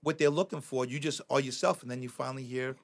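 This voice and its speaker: A middle-aged man, a podcast guest telling animated stories, swearing freely and acting out quoted lines. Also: medium pitch, fast. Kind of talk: casual storytelling.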